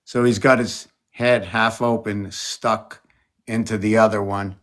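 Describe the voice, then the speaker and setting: A man showing his paintings on a live stream, talking in a rambling, playful way and jumping from excited exclamations to muttering. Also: fairly low pitch, a little slow. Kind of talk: casual live-stream chat.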